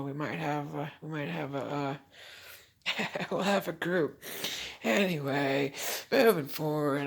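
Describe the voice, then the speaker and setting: Gravelly, rambling vlogger. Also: mid-range voice. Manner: rambling and emotional, laughs often, trails off. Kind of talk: rambling personal monologue to camera.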